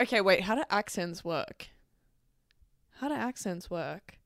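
Bright, chatty Australian young woman. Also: medium pitch, animated, a little slow, dry recording, clean studio sound. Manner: chatty, swears freely, rambling asides. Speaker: podcast host. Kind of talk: casual solo podcast chat.

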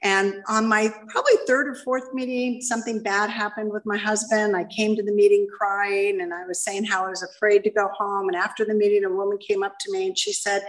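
Heard from afar, a middle-aged woman with a medium-pitched, fairly even voice talks a little fast with few pauses. She is giving frank, self-deprecating testimony about her life to a live audience in a meeting room at a recovery meeting.

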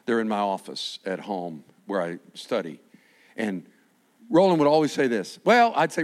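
An older man, a pastor, preaching a sermon with animated storytelling and frequent restarts. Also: medium pitch, brisk.

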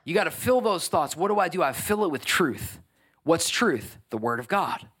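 A man preaching a sermon, building to emphatic, energetic exhortation. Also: fairly high pitch, moderate pace, slightly rough. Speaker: pastor.

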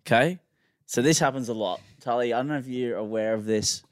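A man's voice: medium pitch, fairly quick, no room sound. Male podcast co-host, casual storyteller, dry close sound. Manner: rambling storyteller, animated quotes. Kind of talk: casual chat.

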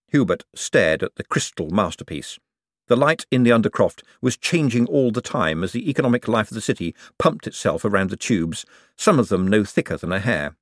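A man reading an audiobook as narrator with expressive, dramatic storytelling. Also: lowish voice, moderate pace, no room sound, studio quality. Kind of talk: scripted narration.

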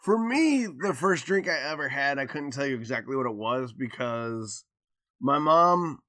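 A man, a podcast co-host telling a story in casual chat, acting out the quoted lines with loud swings and a mouthy, cussing manner. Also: medium pitch, lively intonation, unhurried.

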